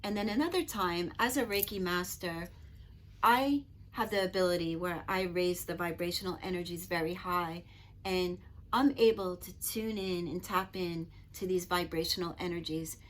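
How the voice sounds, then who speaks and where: A middle-aged woman and Reiki master telling personal stories to camera in an earnest, gentle, chatty way. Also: lowish voice, normal speed. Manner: earnest, gentle, chatty with frequent "you know". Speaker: Reiki master and spiritual teacher.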